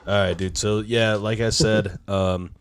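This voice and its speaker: A man's voice: on the low side, fairly even intonation, unhurried, a crowd in the background. A man hosting a podcast in casual chat, laid-back and sprinkled with swearing. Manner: laid-back, swears, says "dude" a lot. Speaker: podcast host.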